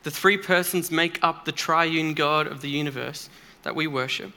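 A man's voice: fairly high pitch, normal speed, pushed and bright. A man preaching a sermon in a church, earnest and emphatic, speaking conversationally with occasional fillers.

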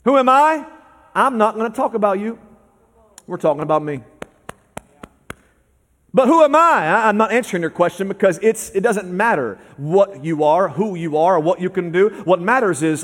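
A man with a high voice preaches a sermon to his congregation. He drops low and quick, then climbs into shouted, half-sung lines. The sound rings with the long reverb of a large hall. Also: animated. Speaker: pastor. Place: church service.

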